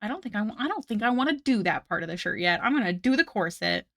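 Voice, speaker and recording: A woman's voice: medium pitch, lively intonation, fast, vocal fry, a bit bright, dry recording, studio quality. A young woman chatting casually with her stream while she draws, rambling and self-deprecating as she reads chat aloud at night. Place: home room at night. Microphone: desk mic.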